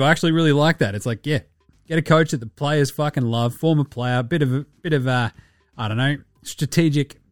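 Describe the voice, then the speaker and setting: A man hosting a casual basketball podcast, animated and sweary with jokey asides. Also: on the high side, dry recording, clean studio sound. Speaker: podcast host.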